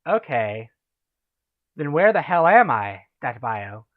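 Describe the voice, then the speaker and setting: A man's voice: medium pitch, big pitch swings, a little slow. A man reads out a brash young ninja hero who swears freely. The sound is muffled and lo-fi, with no room echo at all. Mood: exasperated.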